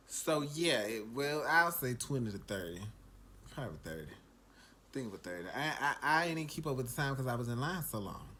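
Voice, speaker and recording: A man, drowsy and stuffed after eating, giving a casual food review vlog in a relaxed, drawling, repetitive way. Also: mid-range voice. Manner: relaxed, drawling, repeats himself, talks to viewers as y'all. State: sleepy and full after eating. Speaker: food vlogger.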